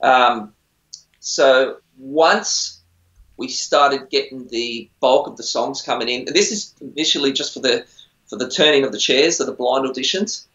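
A man's voice: mid-range voice, a little slow, fairly bright tone. Aussie guy rambling through a story, a bit muffled, echoey room. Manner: rambling, chatty, self-deprecating. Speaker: musician on a TV singing show. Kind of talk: casual interview storytelling. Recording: roomy, dull lo-fi sound.

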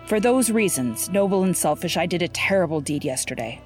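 A woman's voice: fairly low pitch, animated, a little fast, darkish tone, lightly acted. Dying warrior commander, grave and commanding, faint music bed, read by a woman.

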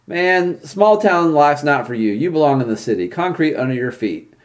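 A man's voice: fairly high pitch, lively intonation, moderate pace, voice pushed up, lightly acted. A man voicing a laid-back passerby in a tabletop game, giving casual advice in a slightly raised voice. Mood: scolding. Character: laid-back passing man, mildly scolding. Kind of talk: tabletop game role-play.

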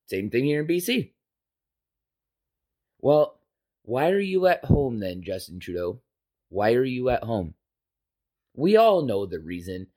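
A man's voice: mid-range voice, sing-song, measured pace, long pauses, warm tone. A man with a mid-range voice sits at a podcast microphone and rants. He speaks in an impassioned, emphatic way and swears freely while he drives his points home. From Canada. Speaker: podcast host. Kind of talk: political opinion rant.

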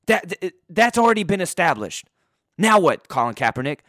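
A man tears through a profane sports rant in a slightly higher voice, his throat getting hoarse. He bursts out loud, then drops to a low mutter. The sound is dry and close, with no room echo. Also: very animated, normal speed. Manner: heated, profane, swings between loud outbursts and low muttering. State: voice going hoarse. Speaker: sports podcaster. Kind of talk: profane ranting sports commentary. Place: indoors.

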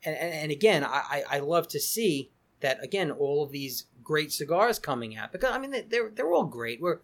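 A man's voice: a little high, very animated, normal speed. A middle-aged man, a cigar company founder chatting as a podcast guest, rambling with many restarts and repeated words. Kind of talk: casual podcast interview.

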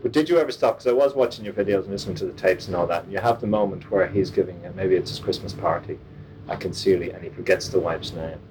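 A man's voice: low-pitched, fast talker, distant mic. A man interviewing a comedian, asking blunt, teasing questions. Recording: noisy background.

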